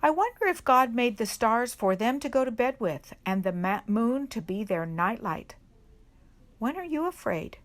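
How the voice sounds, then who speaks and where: A woman reading a children's picture book aloud at a church service for kids, gentle and unhurried, pausing to put questions to the children. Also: a little high, big pitch swings. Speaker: reader at a children's worship service.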